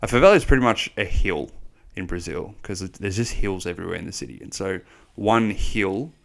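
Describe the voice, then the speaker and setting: A young Australian man co-hosting a podcast, telling a long travel story in a rambling, animated way, full of swearing. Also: low-pitched, fairly quick, vocal fry. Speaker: podcast co-host. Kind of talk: casual storytelling chat.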